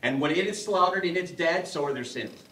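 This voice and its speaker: A man's voice: a little high, expressive, brisk, a bit bright. A middle-aged man giving a conversational teaching talk at a parish adult education evening, humorous and often putting questions to the audience. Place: parish hall. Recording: echoey hall, mic far off.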